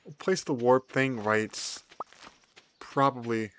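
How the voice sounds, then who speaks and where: A man's voice: medium pitch, slow, a little hiss or hum. A man giving casual, playful commentary while he plays a farming video game. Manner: animated, playful, chatty. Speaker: gaming video host.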